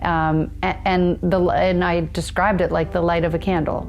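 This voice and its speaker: A woman in her thirties recounts her memories slowly and thoughtfully, pausing and restarting often. Her voice is fairly low with a gravelly fry. Faint music sits underneath. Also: little pitch movement, muffled recording. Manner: reflective, halting, many fillers and restarts. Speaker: guest. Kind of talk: personal storytelling in conversation.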